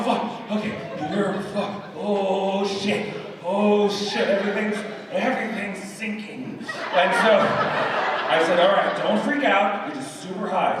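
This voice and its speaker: Stand-up comic, male, high voice, animated storyteller who shouts punchlines, distant mic in a reverberant room. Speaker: stand-up comedian. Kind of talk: stand-up comedy set. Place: comedy club stage. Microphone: handheld stage microphone. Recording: echoey club from a distant mic. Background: audience laughter.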